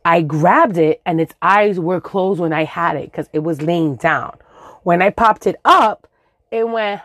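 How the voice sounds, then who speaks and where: A woman's voice: fairly low pitch, a little slow, a bit bright, no echo, clean studio sound. A woman in her forties from the Dominican Republic, telling a comic story with swearing, sound effects and Spanish words mixed in.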